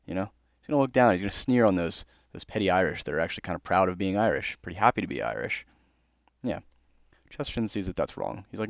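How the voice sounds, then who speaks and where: A man's voice: low-pitched, sing-song, a little fast, creaky, pauses often, no echo. A young American man in casual, earnest commentary on a book, talking conversationally with fillers. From United States. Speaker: host. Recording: dull dry lo-fi recording.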